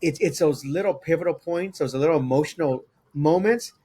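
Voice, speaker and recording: A man hosting a podcast, asking interview questions in a slow, reflective way. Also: a little high, warm tone, breathy edge. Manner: reflective, slow, searching phrasing. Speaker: podcast host.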